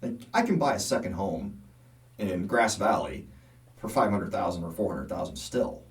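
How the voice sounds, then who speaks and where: Middle-aged male podcast co-host, low voice, animated chatty storyteller, set back from the mic. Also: normal speed, far from the mic. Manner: animated storyteller, laughs often, acts out quotes. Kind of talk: casual chat.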